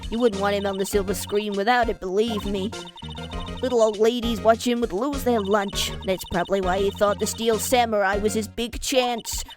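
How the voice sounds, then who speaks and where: A woman voicing a nosy, bossy elderly female security guard with a New York accent, scolding and rambling loudly over game music. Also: medium pitch, fairly even intonation, moderate pace, natural voice. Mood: gossipy. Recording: loud game music behind.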